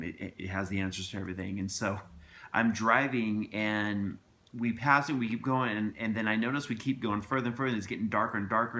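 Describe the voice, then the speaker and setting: A man recounting a story to camera in loose, rambling talk, doubling back on himself again and again. His voice sits fairly low but comes through bright, forceful and edged. He sounds earnest throughout. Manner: rambling and earnest, many restarts and asides. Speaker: father telling a personal story to camera. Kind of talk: casual spoken storytelling.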